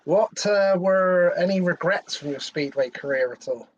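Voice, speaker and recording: A man's voice: high voice, moderate pace, highs cut off, a little hiss or hum. A man hosting a casual live interview, who reads out viewer comments and chips in short agreement. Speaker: interview host.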